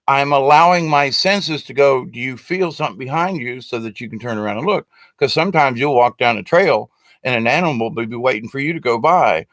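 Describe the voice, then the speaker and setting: A man's voice: mid-range voice, a bit bright, no room sound. A man giving a casual, rambling spoken teaching to a live stream audience, talking to his webcam with many fillers and restarts. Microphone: webcam facing the speaker.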